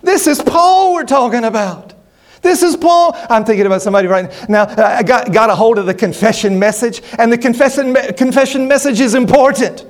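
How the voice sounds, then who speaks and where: A man's voice: very high voice, fairly quick. A middle-aged man preaching a sermon, emphatic and repetitive, often restarting his words.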